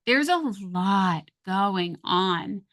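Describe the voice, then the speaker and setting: A woman speaks in a steady mid-range voice, giving parenting advice in a relaxed conversational way. She acts out sharp and soft ways of speaking to show the difference. It sounds like an unscripted podcast chat. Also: medium pitch, very slow. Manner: calm, coaching, acts out soft and sharp tones. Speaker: guest, parenting communication coach.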